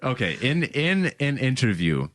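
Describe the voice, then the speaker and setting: A man's voice: medium pitch, very animated, measured pace, a bit bright, no room sound, studio quality. A man co-hosting a podcast, talking casually and playfully about a film, pushing back on his friend's jokes. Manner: playful, argumentative, reads quotes aloud. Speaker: podcast co-host.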